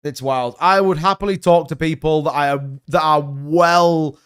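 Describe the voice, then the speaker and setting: A British man in his thirties hosts a crypto livestream, chatting casually, bluntly and ramblingly, sometimes swearing. His voice is fairly high and clean, with fairly even intonation and an unhurried pace.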